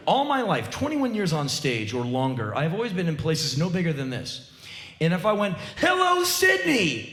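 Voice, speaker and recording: A man in his forties giving an animated live spoken word monologue on a theater stage, with sudden loud outbursts. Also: on the high side. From United States. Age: 40s. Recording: roomy live theater sound.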